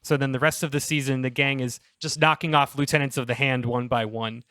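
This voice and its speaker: Bright-voiced man rambling through a pitch. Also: fairly even intonation, brisk, smooth, no echo, clean studio sound. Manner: rambling, self-interrupting, laughs at own jokes. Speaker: podcast host pitching a story. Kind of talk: casual comedic podcast chat.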